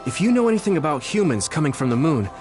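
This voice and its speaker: A man's voice: a little high, big pitch swings, fast talker, music in the background. An actor playing an earnest, straightforward young man who speaks sincerely and plainly in a game cutscene.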